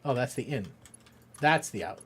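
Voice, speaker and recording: A man's voice: medium pitch, lively intonation, moderate pace, a bit bright, slight background noise. A middle-aged man streaming a game for charity, chatting casually, joking, swearing and often laughing. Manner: rambling, jokey, swears freely, laughs often. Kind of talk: casual live-stream chat.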